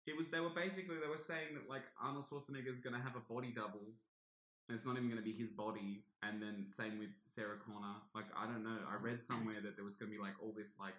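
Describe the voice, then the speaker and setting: A man's voice: on the low side, fairly even intonation, quick pace, fairly bright tone. A man, co-hosting a casual podcast chat and reading news aloud with laughing asides. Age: 20s. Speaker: podcast co-host. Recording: echoey room.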